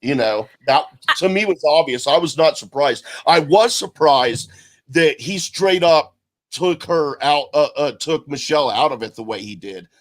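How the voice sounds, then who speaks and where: A man co-hosting a podcast in casual chat, speaking bluntly and haltingly and restarting his sentences. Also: a little high, lively intonation, a bit bright. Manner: halting and blunt, with frequent restarts and mild swearing. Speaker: podcast co-host.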